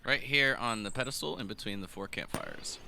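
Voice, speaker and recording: A man's voice: mid-range voice, fairly quick, vocal fry, crowd noise. A man running a tabletop game as game master, narrating with many fillers. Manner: lively, filler-heavy narration.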